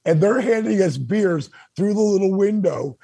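An older man hosting a talk show, telling stories in an animated way and acting out the quotes. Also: moderate pace, vocal fry. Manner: acts out quotes with big pitch jumps. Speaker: podcast host telling stories. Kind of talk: animated storytelling.

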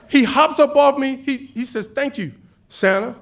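A man telling a personal story on stage, animated and casual, acting out the dialogue. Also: very high voice, brisk. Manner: animated, acts out dialogue with voices; casual, chatty with swearing.

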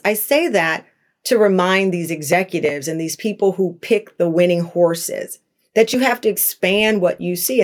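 Middle-aged woman guest, candid and animated, mimics others when retelling scenes. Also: mid-range voice. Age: 40s to 50s. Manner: animated storytelling, acts out quoted voices. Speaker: talk show host, guest. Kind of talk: candid interview conversation.

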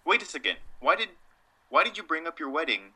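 A man's voice: a little high, big pitch swings, pushed and bright, slightly rough. A young man co-hosting a casual sports chat, dry and wry, playing dumb for laughs. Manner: dry, wry, deliberately obtuse. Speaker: podcast co-host.

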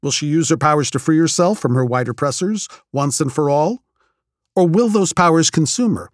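A man's voice: a little high, lively intonation, moderate pace, dry recording, studio quality. A male podcast host giving a wry, playful scripted introduction to a story.

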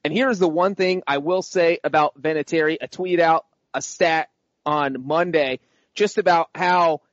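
Rather high male voice rattling off numbers and blunt verdicts as a sports podcast co-host. The sound is dull and lo-fi, dry and close. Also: no room sound. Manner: quick, stat-heavy and blunt. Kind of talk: casual sports banter.

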